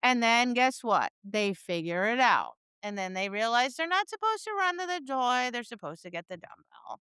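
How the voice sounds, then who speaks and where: Bright-voiced animated woman dog trainer. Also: a little high, moderate pace, clear, resonant tone, dry recording. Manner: animated storyteller, acts out voices, laughs and swears. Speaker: podcast co-host, dog trainer. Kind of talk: casual chat.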